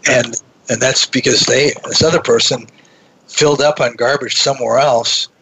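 A man talking as a radio show guest, an executive coach, halting and repeating words before he finds them. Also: mid-range voice, steady tone, noisy background. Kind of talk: radio interview answers.

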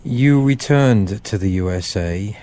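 A man hosting an interview, asking questions in a measured, polite way. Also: fairly low pitch, warm tone. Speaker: host.

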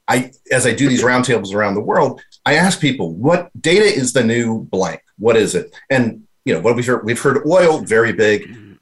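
A man speaking as a panel guest, thinking aloud with frequent restarts. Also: on the low side. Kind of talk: discussion talk.

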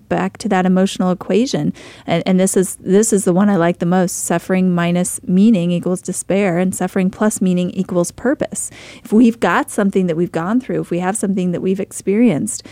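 A woman's voice: mid-range voice, dark tone, dry recording. A woman podcast host interviewing a guest, encouraging and reflective, laughing along with the stories. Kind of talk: interview conversation.

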